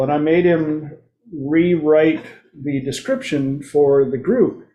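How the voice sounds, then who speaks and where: A man hosts his own talk show in an unhurried, playful monologue and slips into other voices when he quotes people. His voice sits a little higher than most men's. The recording picks up a roomy echo around him. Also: mellow. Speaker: host.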